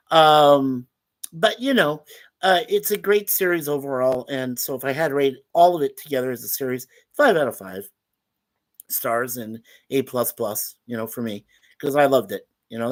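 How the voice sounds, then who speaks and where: An older Canadian man hosts a laid-back weekly webcam show from home. He talks loosely and warmly to his viewers, reads out their comments and chuckles often. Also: a little high. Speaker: host. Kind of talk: casual livestream chat.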